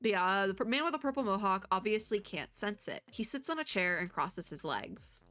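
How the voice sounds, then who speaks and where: A woman's voice: medium pitch, sing-song, normal speed, a bit bright. A woman VTuber reading a game story aloud, with chatty, giggly, playfully sarcastic commentary.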